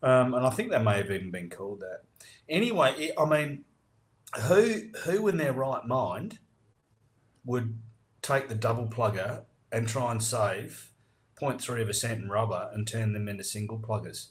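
A man's voice: mid-range voice, animated, moderate pace. An Australian man hosting a casual podcast chat, ranting with heavy swearing. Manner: profane, ranting.

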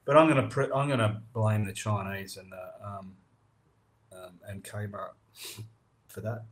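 A man's voice: lowish voice, fairly even intonation, unhurried, a little hiss or hum. An Australian man hosting a casual podcast chat, ranting with heavy swearing. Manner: profane, ranting.

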